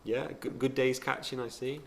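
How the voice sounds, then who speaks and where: A man's voice: mid-range voice, little pitch movement, normal speed, vocal fry, fairly bright tone, a little hiss or hum. A man co-hosting a podcast in casual chat, boastful and defiant in his banter. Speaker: podcast co-host.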